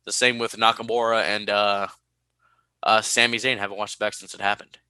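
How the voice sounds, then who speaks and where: A man from California co-hosting a casual podcast, animated and quick to laugh as he reads listener mail. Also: fairly low pitch, clean tone, dry recording. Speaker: podcast co-host.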